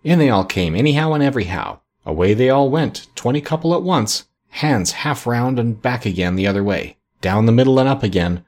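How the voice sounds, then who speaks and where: A man narrating a classic story as an audiobook in a measured, expressive reading. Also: medium pitch.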